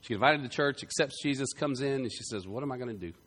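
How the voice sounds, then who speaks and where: A man preaching a sermon, telling a story with loud bursts that drop to quiet, earnest passages. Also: mid-range voice, fast talker. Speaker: pastor.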